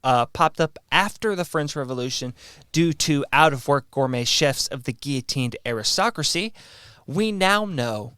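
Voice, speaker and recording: A man's voice: medium pitch, lively intonation, moderate pace, bright, forceful tone, smooth, no room sound, clean studio sound. A man co-hosting a podcast in a laid-back, casual chat, swearing now and then and running a trivia quiz. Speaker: podcast co-host.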